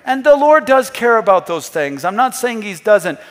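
A male pastor preaching a sermon, emphatic, dropping to a hush and then rising to loud. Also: extremely high pitch, animated, normal speed, hardly any pauses, in a large hall. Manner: emphatic, swings between hushed and loud, acts out scripture quotes. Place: church.

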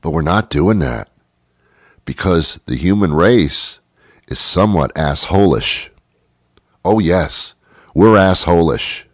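A man's voice: deep voice, animated, slow, long pauses, no echo. Rambling male talk show host, dry sound. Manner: musing, repetitive, stammers on restarts. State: has a cold. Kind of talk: rambling monologue.

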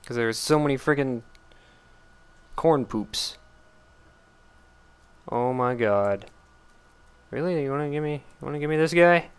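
A man giving casual gameplay commentary, blurting out excited exclamations and complaints at the game as he plays. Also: medium pitch, a little slow, long pauses, clear, resonant tone. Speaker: let's play gamer.

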